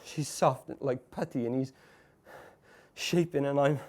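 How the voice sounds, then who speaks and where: An actor in a live stage monologue playing a tormented man who caught his wife cheating. He stammers, repeats broken phrases, and swings between hushed murmurs and shouts. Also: mid-range voice, steady tone, measured pace, natural voice. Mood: haunted. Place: café bar stage before a live audience.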